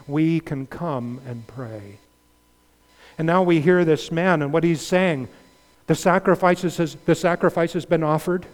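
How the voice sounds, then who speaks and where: A man preaching a sermon, asking his listeners questions and swinging from quiet, low passages to loud, pleading prayers. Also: in a large hall. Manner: impassioned, rising to loud pleading prayers then dropping low; asks the congregation questions.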